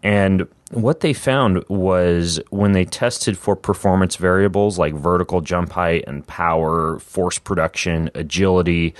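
A man hosting a podcast, chatting casually in a relaxed, rambling way with frequent restarts. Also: deep voice, dry recording, clean studio sound. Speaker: podcast host. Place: Spokane.

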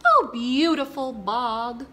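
A woman's voice: sits high, animated, slow pace, sharp tone, exaggerated voice. A woman voicing a fussy young male frog who is a picky eater, in a theatrical, sing-song, raised voice for a storybook. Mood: pleading.

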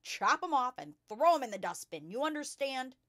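A woman voicing a huge, cruel headmistress who barks and shouts at a child. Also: high-pitched, sing-song, moderate pace, voice pushed up. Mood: barking fury. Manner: barking, shouting.

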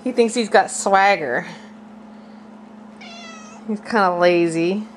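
A woman filming her pets at home in casual narration, talking to them in high sing-song baby talk. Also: slow pace, a little hiss or hum, rough recording.

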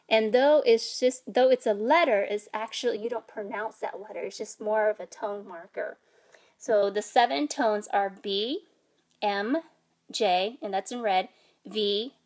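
A woman teaching a language lesson, patiently explaining and sounding out vowels and tones. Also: mid-range voice. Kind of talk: instructional explanation.

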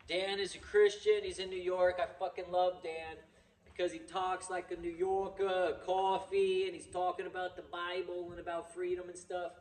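A man's voice: high-pitched, level tone, moderate pace, a little mellow. A man from California hosting a casual, rambling Bible teaching session and swearing freely. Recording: echoey room, mic far off.

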